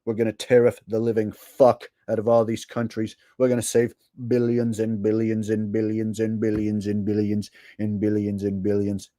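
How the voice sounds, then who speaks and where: A man's voice: lowish voice, completely flat delivery, normal speed, hardly any pauses, warm tone, no room sound, clean studio sound, natural voice. A man doing an impression of a boastful older politician, repeating grand promises in bragging salesman patter.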